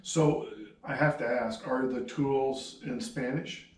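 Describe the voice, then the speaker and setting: A man's voice: medium pitch, steady tone, slow, darkish tone, distant mic. A man teaching a class through video, interviewing social workers in a friendly, teasing way.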